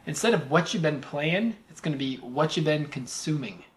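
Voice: medium pitch, lively intonation, normal speed. A podcast host leading a casual chat among friends, joking and laughing often.

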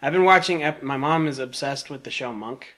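A man's voice: medium pitch, a little fast, fairly bright tone. A young man chatting casually on a podcast, rambling and restarting, with easy laughs. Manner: rambling, self-interrupting, laughs easily. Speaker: podcast co-host. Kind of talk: casual chat.

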